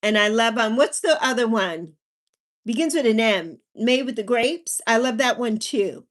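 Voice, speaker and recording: A woman's voice: on the high side, lively intonation, moderate pace. A woman hosting a casual livestream, chatting with viewers in a bubbly, sing-song way and drawing out her words. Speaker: livestream host.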